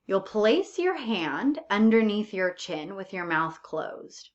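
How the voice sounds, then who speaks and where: A woman teaches pronunciation at an unhurried, deliberate pace, stretching out her words. She checks in patiently with "okay?" and "right?" as she goes. The recording sounds a little dull and lo-fi. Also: medium pitch, very animated. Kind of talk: English pronunciation lesson.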